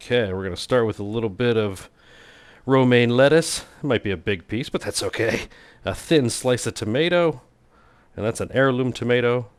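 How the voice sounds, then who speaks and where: A man's voice: medium pitch, moderate pace, clean tone, no room sound. A man hosting a casual cooking video, talking in a playful, goofy way with self-mocking jokes. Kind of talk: casual cooking vlog narration.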